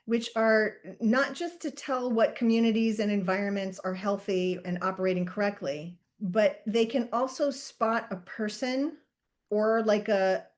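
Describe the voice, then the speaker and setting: A woman hosting a podcast in casual chat, animated and jokey, thinking aloud as she explains. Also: mid-range voice. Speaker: podcast host and Human Design reader.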